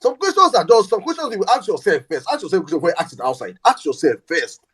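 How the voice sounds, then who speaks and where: Exasperated Nigerian man, rapid-fire. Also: sits high, big pitch swings, a bit bright, slightly rough. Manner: exasperated, repeating rhetorical questions. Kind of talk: casual chat.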